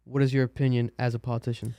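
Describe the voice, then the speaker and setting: Casual male podcast host, smooth voice. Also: mid-range voice, level tone, rapid-fire, warm tone, no echo, clean studio sound. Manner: casual, loose, filler-heavy. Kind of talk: interview questions and sign-off.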